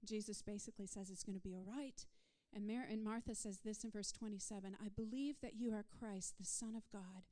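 A woman preaching a sermon, swinging from soft whispered passages to loud, rising declarations in a repetitive call-and-response rhythm. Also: mid-range voice, fairly even intonation, brisk, hardly any pauses.

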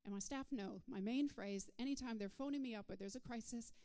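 A woman preaching a sermon, swinging from soft whispered passages to loud, rising declarations in a repetitive call-and-response rhythm. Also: on the high side, brisk, clear, resonant tone.

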